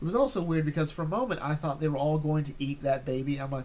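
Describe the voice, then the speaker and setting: A man's voice: on the high side, fast talker, a little mellow. A man chatting casually as he reviews an episode, rambling with many fillers and restarts.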